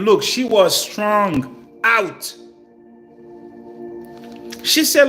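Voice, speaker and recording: A man's voice: high voice, a little slow, faint music behind. A man reading scripture verses aloud and breaking in with playful slang commentary and repeated asides. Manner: repeats phrases, animated asides. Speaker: teacher. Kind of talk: informal scripture teaching.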